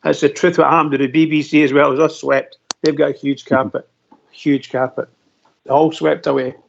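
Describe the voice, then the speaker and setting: Gravelly man on a phone-in. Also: on the high side, little pitch movement, normal speed. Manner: rambling, emphatic, laughs while talking. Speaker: caller. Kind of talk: casual phone-in chat. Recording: muffled lo-fi phone-in audio.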